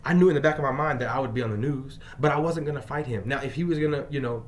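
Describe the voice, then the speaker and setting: A male teacher telling a personal story in an emphatic way, moving between loud bursts and quiet asides. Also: mid-range voice, racing. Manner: frequent fillers and restarts.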